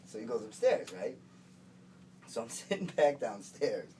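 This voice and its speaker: A man's voice: medium pitch, big pitch swings, a little slow, a little mellow. A man telling a personal anecdote in a casual, chatty way, laughing between lines and filling with "like" and "right". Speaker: storyteller. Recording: distant mic with clear background noise.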